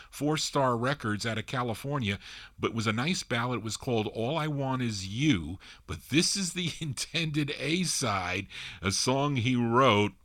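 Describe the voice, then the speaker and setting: A man's voice: mid-range voice, sharp tone. A man hosting an oldies record show, chatting casually between records and answering listener questions. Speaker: radio DJ host. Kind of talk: oldies radio DJ patter.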